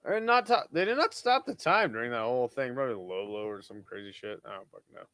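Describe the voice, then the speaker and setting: A man's voice: medium pitch, lively intonation, fast, fairly bright tone, dry recording. A tired young man hosting a live watch-along stream, calling the action casually and swearing freely between plays. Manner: laid-back, swears freely, drifts between play-calling and chat.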